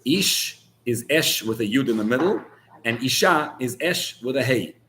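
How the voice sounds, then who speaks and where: A man's voice: mid-range voice, animated, moderate pace, fairly bright tone, slight background noise. A man, a rabbi, giving an informal Torah class in a searching, conversational way, full of restarts, that builds to heated emphasis on key words.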